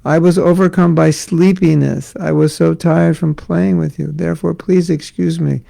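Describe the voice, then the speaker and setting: A man's voice: on the high side, steady tone, normal speed, creaky, mellow. A man reading out the lines of a young woman pleading with her beloved in a scripture story, apologetic and pleading.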